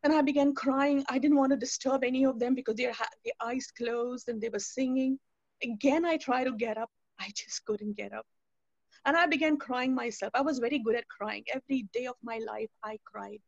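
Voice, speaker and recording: A woman's voice: high voice, dry recording, muffled recording. A woman giving a personal faith testimony, telling her story and acting out the dialogue as she goes. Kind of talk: spoken testimony to a youth webinar.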